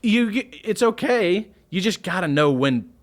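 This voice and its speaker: A young man on a podcast whose pitch swings widely as he talks. He is emphatic and jokey and often jumps in on his co-host. He sounds casual and conversational. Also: expressive, measured pace. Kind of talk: casual chat.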